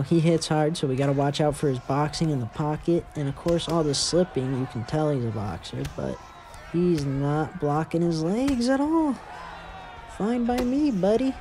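A man hosting a gaming channel, giving casual, excitable commentary while he plays a fighting game and exclaiming at big moments. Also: on the high side, a little hiss or hum. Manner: excitable, laughs and exclaims during play. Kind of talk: casual let's-play commentary.

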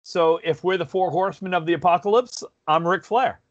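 A man's voice: high voice, a little fast, lo-fi sound. A man hosting a podcast in casual chat, self-deprecating and rambling with restarts, talking over a video call. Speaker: podcast host.

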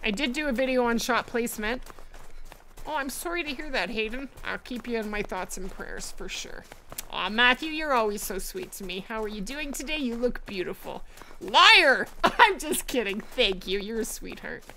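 A woman's voice: fairly high pitch, moderate pace, a bit bright, a little hiss or hum. A woman streaming a hunting game live, chatting casually, thanking viewers and often laughing. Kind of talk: live gameplay stream chat.

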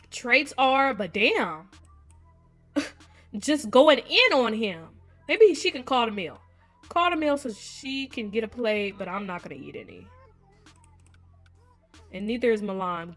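A woman hosting a gaming video, chatting casually to viewers and reading game text aloud in an expressive way. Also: medium pitch. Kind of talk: casual let's-play commentary to viewers.

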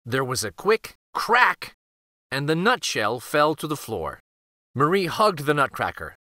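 A man hosting a children's read-aloud channel, reading a picture book in an expressive, lively storytelling way. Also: fairly high pitch, a little slow, no echo, studio quality.

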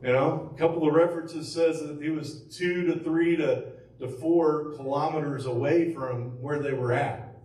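A man's voice: on the high side, steady tone, moderate pace, a little mellow. A man preaching as pastor, telling the story conversationally with rhetorical questions and fillers. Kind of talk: sermon. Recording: echoey room from far off with faint ambience.

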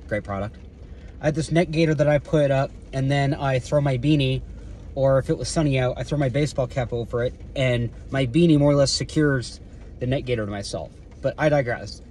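A man's voice: medium pitch, darkish tone, a little hiss or hum. A man filming a casual vlog from around his car, rambling with lots of fillers, restarts and casual swearing. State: eating while talking. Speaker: security guard vlogger.

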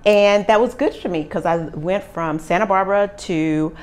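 A middle-aged woman from Oakland, an interview guest, telling stories in a lively, animated way, acting out quoted dialogue and laughing often. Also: mid-range voice, normal speed. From Oakland, California. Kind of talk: casual storytelling interview.

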